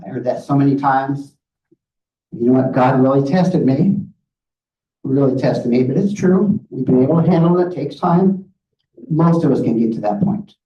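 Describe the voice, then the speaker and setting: A man's voice: medium pitch, dark tone. A middle-aged man giving an earnest, direct talk with slides, often checking in with "okay?". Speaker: guest speaker on grief. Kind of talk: presentation with slides. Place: meeting room. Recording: roomy, distant, muffled room audio.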